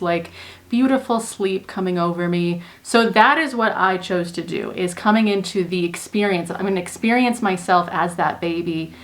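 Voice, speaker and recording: Young woman, earnest coach, calm step-by-step teaching talk, voice in a middle register. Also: medium pitch. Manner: calm, earnest explaining in spoken steps. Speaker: manifestation coach. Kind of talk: casual teaching monologue.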